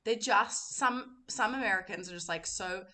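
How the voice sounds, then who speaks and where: A young Australian woman telling lively stories in a casual chat among friends. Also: mid-range voice. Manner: animated storytelling, quick asides.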